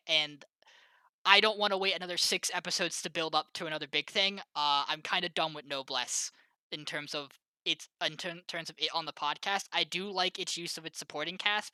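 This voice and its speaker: A very bright, crisp male voice giving his opinion on a podcast stream in a steady, orderly way. The sound is dry and close. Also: fairly high pitch, dry recording, poor audio. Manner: measured, lays out points in order. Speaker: podcast co-host. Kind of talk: casual chat, opinion.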